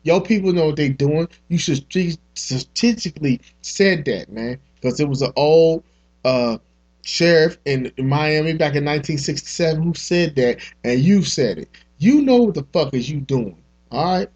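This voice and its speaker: Podcast host, male, angry rant, husky, slightly high voice, muffled lo-fi sound. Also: expressive, moderate pace, a little mellow. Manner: heated, profane, repeats himself in bursts. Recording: dull lo-fi podcast audio.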